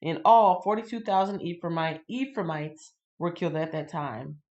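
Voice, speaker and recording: A woman reading the Bible on a livestream and chatting with viewers in a casual, animated way. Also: low voice, moderate pace, muffled recording. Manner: chatty, addresses viewers directly; animated, laughs and greets viewers. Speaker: livestream host.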